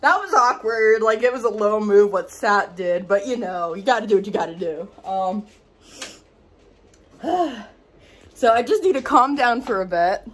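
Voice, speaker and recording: Animated but unhurried, a woman with a medium-pitched voice rants casually in a home vlog against slight background noise. She rambles emotionally and breathlessly, leaning heavily on "like."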